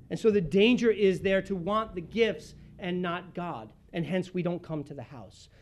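A pastor preaching a sermon, swinging from loud emphasis to hushed, almost whispered passages and acting out the people in the story. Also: medium pitch. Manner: acts out the voices of the people he describes.

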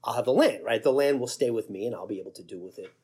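A man's voice: mid-range voice, a little mellow, breathy edge, voice pushed down. A male pastor voicing a greedy man who jumps at a land deal, then backs out. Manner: casual, quick, then backpedaling. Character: eager, greedy middle-aged man weighing a deal.

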